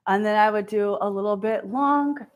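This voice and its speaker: A woman's voice: medium pitch, normal speed. A middle-aged woman giving a candid, self-deprecating keynote talk, often acting out what others said to her. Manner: candid, self-deprecating, acts out quoted voices. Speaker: keynote speaker.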